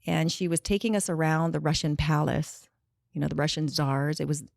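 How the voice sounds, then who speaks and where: In a podcast studio, a middle-aged woman who directs a nonprofit chats casually as an interview guest, laughing often and drifting onto tangents. Her voice is deep, gravelly, and darkish, steady in tone and a little fast, with no room sound.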